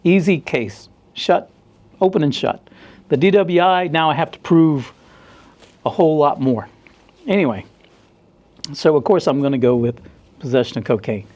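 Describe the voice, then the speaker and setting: A middle-aged man from the United States, a former cop, tells stories in a casual interview. His voice is mellow and sits a little high for a man. He acts out the other people in the story. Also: moderate pace, long pauses. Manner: animated storyteller, acts out dialogue in a raised voice. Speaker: former police officer.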